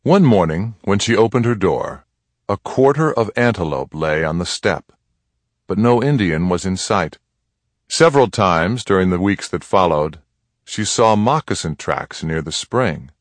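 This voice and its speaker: Deep, slow-reading male narrator. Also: lively intonation, dry recording. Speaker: audiobook narrator. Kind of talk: scripted narration of a western story.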